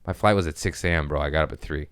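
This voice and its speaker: A man's voice: rumbling low, racing, clear, resonant tone, dry recording, studio quality. A man hosting a podcast, telling comic stories casually with lots of swearing and put-on voices. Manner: rambling, profane, animated impressions. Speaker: podcast host. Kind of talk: casual comedic storytelling.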